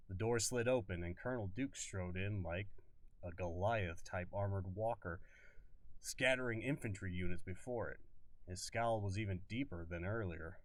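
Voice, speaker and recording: A man's voice: low-pitched, no echo, far from the mic. A man reading a novel aloud on a live stream, stumbling and rereading lines now and then. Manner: stumbles and rereads, comments on himself.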